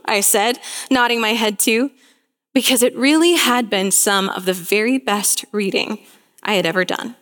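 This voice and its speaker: A woman's voice: on the high side, measured pace, fairly bright tone, long reverb tail. A young woman preaching a sermon, telling a story in an earnest, storytelling way.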